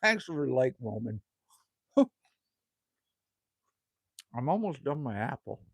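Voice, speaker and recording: Husky-voiced man chatting on a live stream. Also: mid-range voice, very animated, slow, fairly bright tone, no echo. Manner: chatty, laid-back, calls everyone man or buddy. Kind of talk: casual live stream chat, answering viewer comments. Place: outdoors at a rural cabin.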